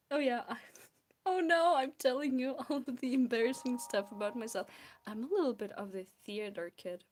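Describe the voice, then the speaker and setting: A woman's voice: fairly high pitch, moderate pace, a little hiss or hum. Bubbly young Belarusian woman streamer. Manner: bubbly, giggly, chatting with viewers. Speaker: art streamer. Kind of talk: casual chat while drawing on stream.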